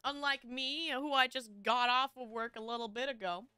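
Giggly high-voiced woman streamer. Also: fairly even intonation, normal speed, bright, forceful tone, smooth, dry recording, studio quality. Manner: bubbly, giggly, chatty. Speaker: VTuber game streamer. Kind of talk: casual live-stream chat.

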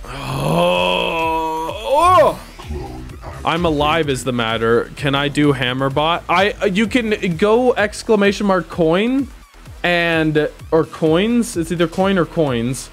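A young man streaming a game live, commenting excitedly and yelping and shouting when things go wrong. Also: on the high side, unhurried, soft background music.

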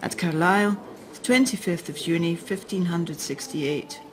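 A woman voice actor reading a historic letter in old Scots as a regal queen, with a Scots accent touched by French and a breathy, husky tone. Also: lowish voice, a little slow, lightly acted. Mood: stately, formal. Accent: Scots with a French lilt.

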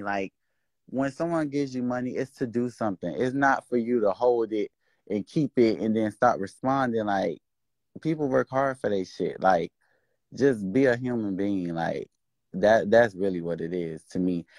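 A man's voice: fairly low pitch, darkish tone, no room sound. A man venting and swearing on a casual livestream. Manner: venting, exasperated, swears freely. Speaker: social media host. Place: indoors, livestream.

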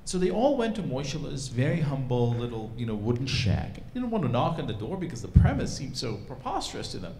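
A man giving a storytelling talk to a live audience at a cultural event, animated and casual, with fillers. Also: mid-range voice, fairly quick, few pauses, slight background noise. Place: event hall stage.

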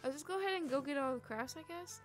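A young woman with a high-pitched voice talks fast over faint background music while streaming a cozy game. Her casual let's-play commentary includes swearing and sudden frustrated outbursts.

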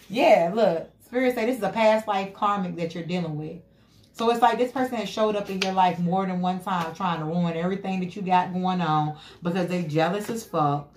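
A woman's voice: fairly low pitch, normal speed. A woman giving an emphatic, repetitive tarot reading, often asking "you know what I'm saying". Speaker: tarot reader. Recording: echoey room with loud background noise.

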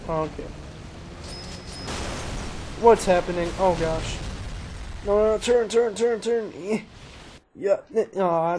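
Man, casual gameplay commentary, excitable, self-mocking, faint engine hum behind. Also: high voice. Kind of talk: casual let's-play commentary. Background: engine noise and crashes from the game.

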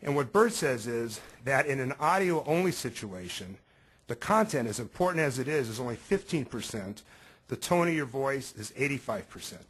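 Brief: male host, mid-pitch voice, a touch husky, steady presenter. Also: low-quality recording. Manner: measured presenter citing statistics. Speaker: webinar host. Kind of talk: instructional webinar talk. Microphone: professional microphone.

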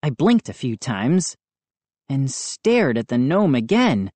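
Slow, lively woman narrating a storybook. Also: extremely low pitch, dry recording. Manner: expressive, dramatic. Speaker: audiobook reader.

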